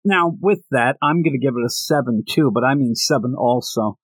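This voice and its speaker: A man's voice: mid-range voice, moderate pace, husky, no room sound, low-quality recording. A man hosting a casual podcast, rambling and joking with frequent restarts. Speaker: podcast host.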